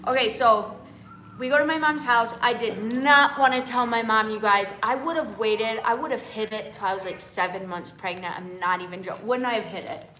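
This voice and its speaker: A woman's voice: a little high, normal speed, pushed and bright, a little hiss or hum. A woman hosting a livestream, telling a personal story in a chatty way and often checking in with her viewers. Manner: chatty, keeps checking in with viewers ("okay?", "you guys"). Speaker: livestream host. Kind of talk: casual storytelling to a live audience. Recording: roomy echo.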